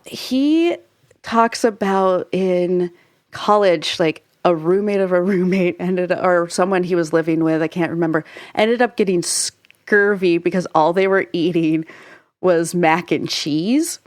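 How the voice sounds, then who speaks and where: With a lowish, slightly slow voice, this podcast co-host, a young adult woman, talks chattily and goes into long explanations. She laughs often and leans heavily on "like," and the studio-quality recording has no room sound.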